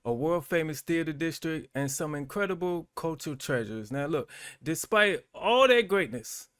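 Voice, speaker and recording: A man hosting a reaction video, chatty and animated and often laughing. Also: on the high side, no echo, studio quality. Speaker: YouTube host reacting to clips. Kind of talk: reaction commentary.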